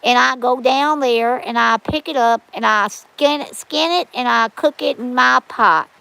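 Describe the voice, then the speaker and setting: A woman voicing a backwoods survivalist woman from Tennessee, with a put-on Southern Tennessee accent and a slow, drawn-out way of speaking. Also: on the high side, gravelly, sharp tone, smooth, no echo, full character voice, low-quality recording. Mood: matter-of-fact.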